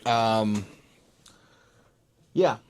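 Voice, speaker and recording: A man's voice: fairly low pitch, very slow. A man co-hosting a casual talk show, rambling with lots of fillers and restarts. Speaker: podcast co-host. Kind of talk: casual chat.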